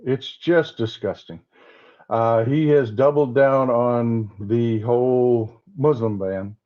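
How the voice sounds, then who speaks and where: A man's voice: medium pitch, takes it slowly. A man with a Southern American accent hosts a livestream of political commentary. He talks bluntly and keeps circling back over his own words. His voice comes through a slightly dull, lo-fi recording. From Southern United States. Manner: blunt, repeats himself with many restarts.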